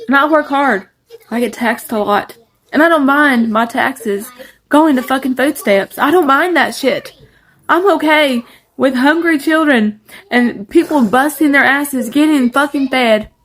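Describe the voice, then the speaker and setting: A woman's voice: high voice, fairly bright tone. A working mother ranting angrily and tearfully, swearing freely. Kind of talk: angry phone video.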